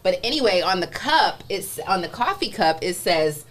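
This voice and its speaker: A woman's voice: lowish voice, sing-song, normal speed, fairly bright tone, slight background noise. A woman co-hosting a morning show in a studio, chatting casually and often laughing through her stories. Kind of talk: casual chat.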